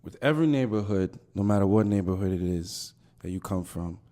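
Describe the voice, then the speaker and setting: A man's voice: low-pitched, animated, brisk, warm tone. A man speaking as a podcast guest, making his points emphatically and repeating them. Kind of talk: casual conversation.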